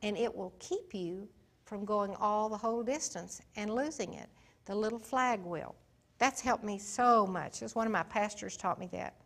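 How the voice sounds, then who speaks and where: A woman giving an informal Bible teaching in a folksy, emphatic way, swinging between soft and loud. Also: mid-range voice, moderate pace, creaky.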